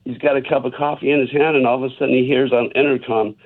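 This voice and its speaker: A man rambles through a joke on a tinny phone line. His voice is gravelly and husky. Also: mid-range voice, fairly even intonation, fast talker. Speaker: caller.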